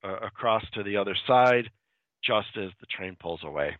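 A man's voice: fairly low pitch, expressive, moderate pace, no echo. A man casually retelling a spooky story, chatty and full of fillers. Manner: chatty, with fillers and quoted voices. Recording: dry, tinny phone-like sound.

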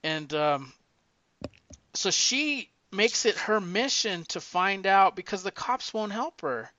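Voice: mid-range voice, animated, slow pace, sharp tone, no echo. A podcast co-host casually retelling a movie plot, rambling and swearing, with lots of "like" and restarts. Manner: rambling and profane, heavy use of "like". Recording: dull lo-fi recording.

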